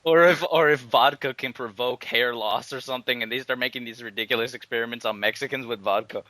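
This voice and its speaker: A man's voice: medium pitch, fairly even intonation, fast, sharp tone, dry recording, poor audio. A man in casual comedic chat, spinning absurd scenarios and laughing a lot.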